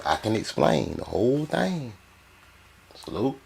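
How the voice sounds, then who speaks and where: A man hosting a reaction video, loud and animated, often shouting and laughing. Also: on the low side, unhurried, creaky, crowd noise, background noise.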